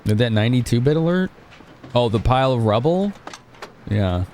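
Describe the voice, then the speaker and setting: A man's voice: mid-range voice, lively intonation, moderate pace, darkish tone, a little hiss or hum. A man from Chicago streaming a game live, chatting casually with his viewers. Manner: casual, chatty, laughing with chat.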